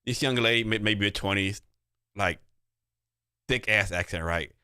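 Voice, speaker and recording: A man from Texas hosting a podcast, talking quickly and upbeat with frequent laughs. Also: on the low side, bright, forceful tone, clean tone, no echo, clean studio sound. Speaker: podcast host. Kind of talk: casual podcast chat.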